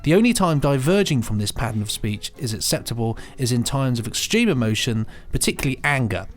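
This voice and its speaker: A man co-hosting a podcast in relaxed, casual chat, who often chuckles and reads things aloud with relish. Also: mid-range voice, fairly quick, soft background music. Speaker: podcast co-host.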